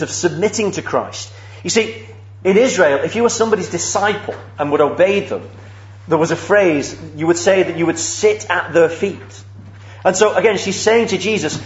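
A man delivers a sermon in an earnest storytelling manner, posing rhetorical questions to his listeners. His voice sits fairly high for a man. The recording sounds roomy and a little dull. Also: moderate pace. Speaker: preacher.

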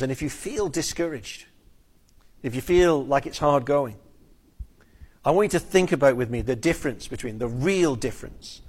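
A man preaching an expository sermon, earnest and emphatic, slowing down on key phrases and sometimes repeating words. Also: medium pitch, darkish tone.

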